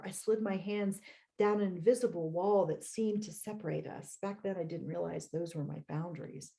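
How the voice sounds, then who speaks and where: This author, a woman, reads her own memoir in a reflective, measured manner with quick personal asides. Her fairly low voice is gravelly and dark, picked up by a home computer mic during a video call.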